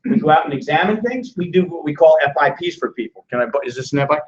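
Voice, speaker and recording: An older man in his sixties runs a lively financial sales seminar, joking and peppering the audience with questions. His voice sits high for a man. The recording is dull and echoey, picked up from across the room. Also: fast talker, far from the mic. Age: 60s.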